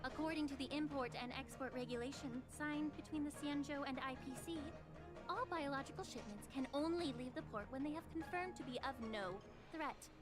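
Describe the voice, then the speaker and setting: An actress voicing a calm, dryly teasing female port official in a game. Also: sits high, natural voice. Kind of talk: game voice acting.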